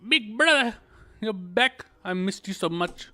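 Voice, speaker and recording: A man's voice: high-pitched, lively intonation, unhurried, sharp tone, faint music behind, voice pushed up, heavily acted. A man voicing an eager, adoring young girl who is a little sister, reading game dialogue aloud. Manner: clingy, pleading.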